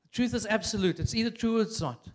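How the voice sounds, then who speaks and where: High-voiced South African preacher, chatty. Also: male voice, fast. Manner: chatty and animated, with many "like" fillers and bursts of laughter. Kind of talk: casual, humorous sermon. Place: church.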